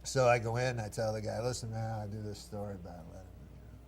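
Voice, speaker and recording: A man's voice: fairly low pitch, steady tone, a little hiss or hum. Dry, rambling man telling a long story. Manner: dry, halting delivery with chuckles and mimicked voices. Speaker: guest comedian.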